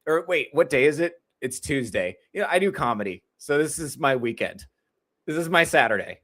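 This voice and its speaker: A man with a slightly high voice that swings all over the place hosts a solo podcast monologue. He talks in a rambling, swearing, exasperated way with lots of fillers. He sounds like a comedian chatting straight to his viewers. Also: expressive, normal speed, fairly bright tone.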